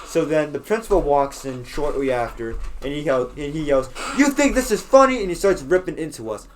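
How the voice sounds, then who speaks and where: A man's voice: fairly high pitch, a little fast, a little mellow, a little hiss or hum. Rambling young man telling a story. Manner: rambling storyteller, swears freely, many fillers and restarts. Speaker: podcast co-host. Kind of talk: casual chat.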